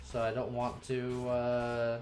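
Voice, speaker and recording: A woman's voice: rumbling low, completely flat delivery, slow, darkish tone, slight background noise. A woman co-hosting a gaming video, chatting casually during co-op gameplay with a dry, wry sense of humor. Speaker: co-host of a gaming channel. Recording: roomy, echoey room.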